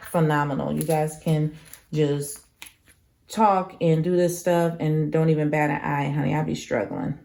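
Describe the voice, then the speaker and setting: A woman's voice: sits low, gravelly, warm tone. A young woman hosting a crafting channel, chatting casually and emphatically with lots of slang while she works.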